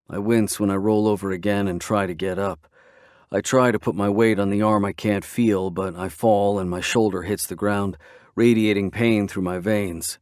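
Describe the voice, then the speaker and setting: Low, dry-voiced male audiobook narrator. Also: fairly even intonation, normal speed, a little mellow, no room sound. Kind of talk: first-person romance audiobook narration.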